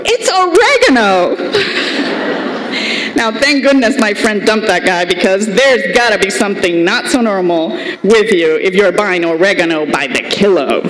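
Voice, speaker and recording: A woman's voice: mid-range voice, slight background noise. A middle-aged woman with a Colombian Spanish accent giving a commencement speech, telling funny stories from her student days. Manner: humorous anecdotal storytelling. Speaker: commencement speaker. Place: large ceremony hall. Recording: echoey hall with long reverb.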